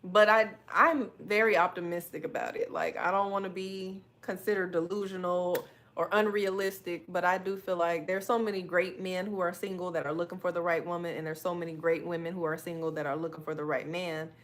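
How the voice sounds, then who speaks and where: A woman's voice: lowish voice, fairly even intonation, a little fast, a bit bright. A woman, talking candidly and with animation, calling her listeners y'all. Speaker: podcast host. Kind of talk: solo podcast talk reading live chat.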